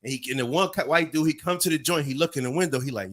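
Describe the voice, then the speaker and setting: A man in his forties tells a long story on a podcast, acting out the voices and sound effects as he goes. His voice is bright and forceful, and it sits a little high for a man. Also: fast talker, few pauses. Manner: animated, acts out voices and sounds. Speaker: podcast co-host. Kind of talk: casual storytelling.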